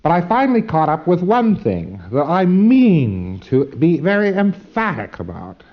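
A man's voice: fairly high pitch, huge pitch swings, unhurried, few pauses. A man giving an informal instructional lecture, folksy and emphatic, with frequent asides and fillers. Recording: dull lo-fi recording.

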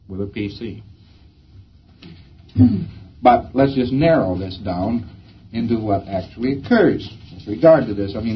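A man's voice: medium pitch, muffled recording, a little hiss or hum. A man giving a rambling, folksy lecture that slips into acted-out bits of dialogue. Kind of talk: recorded lecture.

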